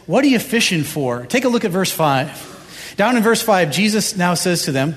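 A man's voice: high-pitched, sing-song, normal speed, a bit bright. A male pastor preaching a sermon, driving his points home with repeated rhetorical questions. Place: church sanctuary. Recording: reverberant church hall.

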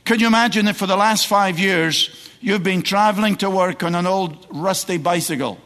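A man's voice: high voice, normal speed, a bit bright. A middle-aged man from Scotland with a Scottish accent, a guest preacher giving a sermon that moves from joking asides to emphatic preaching. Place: large church sanctuary. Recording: long church hall reverb.

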